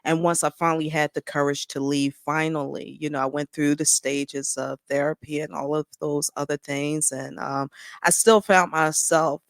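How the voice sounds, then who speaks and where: A woman's voice: sits low, fairly even intonation, moderate pace, dry recording. A woman guest on a podcast, telling her story in an earnest, heartfelt way in a conversational interview.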